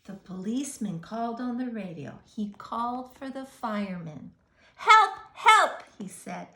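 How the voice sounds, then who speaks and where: A woman reading a bedtime story aloud in an expressive, involving way, asking the listener questions. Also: mid-range voice, normal speed. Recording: roomy echo.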